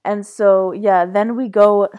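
Young woman host, casual rambling storyteller, mid-pitched, swears a lot. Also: steady tone, slow, a little mellow. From Canada. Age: young adult. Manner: rambling, swearing, frequent fillers. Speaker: podcast host.

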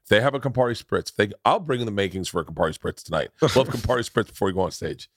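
Animated man telling stories, dry sound. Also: very fast, no echo. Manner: animated, jumps into loud high voices when quoting. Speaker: podcast host. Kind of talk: casual storytelling chat.

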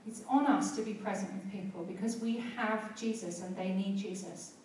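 A woman's voice: medium pitch, moderate pace, darkish tone, a little hiss or hum. A woman preacher giving a sermon and prayer, telling stories in a conversational way and building to fervent exhortation. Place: church hall. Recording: very echoey church hall, heard from a distance.

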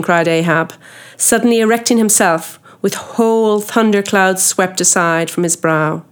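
A woman narrating a classic novel as an audiobook. Her reading is measured and expressive, voiced at a middling pitch. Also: smooth. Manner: measured, expressive reading of ornate old prose. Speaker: audiobook reader.

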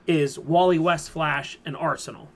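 A man's voice: a little high, fairly even intonation, unhurried. A man hosting a casual pop culture podcast, retelling comic plots in a rambling way full of fillers. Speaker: podcast host. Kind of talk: casual chat.

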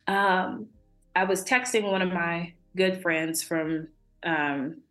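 A young adult woman, a podcast guest, talking casually and warmly about faith and laughing often. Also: lowish voice, steady tone, slow, reverberant, faint music behind. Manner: warm, chatty, laughs often.

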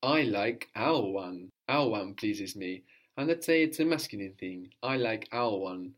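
Patient male language teacher, low voice. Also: expressive. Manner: patient, prompting questions, repeating answers slowly. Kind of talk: one-on-one Greek lesson.

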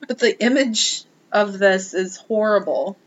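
A woman's voice: medium pitch, unhurried, lo-fi sound. A woman co-hosting a podcast who reacts in a casual, joking, easily spooked way. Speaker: podcast co-host. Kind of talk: casual chat.

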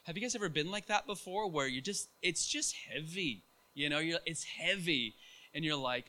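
A middle-aged man preaching a sermon, telling a personal story in a casual, animated way with many fillers and restarts. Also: on the high side, moderate pace.

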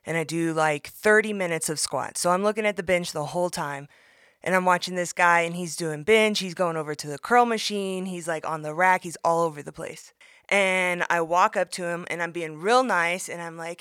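A woman leaving a recorded voice message, telling an animated story and acting out what she said. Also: lowish voice, moderate pace, dry recording, clean studio sound. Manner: animated storytelling, acting out her own quotes. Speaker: listener sending in a voice message.

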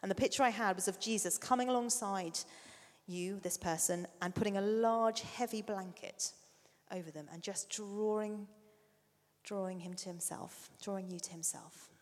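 A middle-aged woman preaching a sermon, an animated storyteller who sometimes drops to a soft near-whisper. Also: medium pitch, normal speed. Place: church hall. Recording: long reverb of a large hall.

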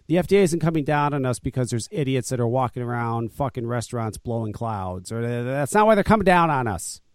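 A man's voice: medium pitch, expressive, fairly quick, no room sound, studio quality. A man hosting a podcast in casual chat, blunt and profane, often ranting and grumbling. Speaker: podcast host and vape shop owner.

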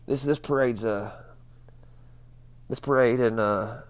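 A man's voice: mid-range voice, slow, smooth. A man co-hosting a comedic podcast, rambling through jokes with lots of fillers and restarts. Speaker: podcast co-host.

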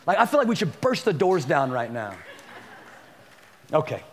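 A high-voiced man preaching from the pulpit, swinging between hushed readings and shouted lines. His voice rings out into a long church-hall echo. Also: moderate pace, pauses often. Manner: animated preaching, acts out quotes with rising pitch and shouts. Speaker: pastor. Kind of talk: sermon. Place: church sanctuary.

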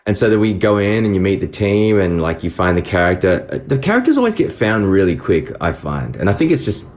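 A man's voice: on the low side, brisk. A man in his forties from Australia, a voice actor chatting animatedly about his work in an interview. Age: 40s. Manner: chatty, animated, with frequent restarts. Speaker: voice actor guest. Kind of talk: casual interview chat.

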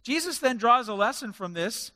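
With an extremely high pitch and an animated delivery, a male pastor preaches at normal speed, his voice pushed and bright. He hammers home his points emphatically with stacked lists of words, and the hall around him is reverberant.

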